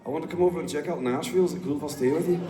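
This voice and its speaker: A man's voice: fairly high pitch, rapid-fire, pitched above the performer's own voice, close to an everyday voice. A man putting on an eager little Scot. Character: small cheery Scottish young man. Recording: echoey hall, crowd noise, far off.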